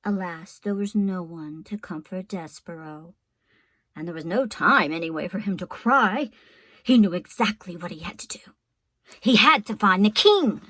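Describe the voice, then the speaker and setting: A woman teacher reading a storybook aloud to her class, in an expressive, unhurried way. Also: on the low side, no room sound.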